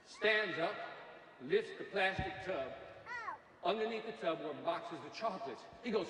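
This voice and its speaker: A middle-aged motivational speaker energetically tells stories laced with jokes. His voice is high and fairly quick, recorded from far off in an echoey hall.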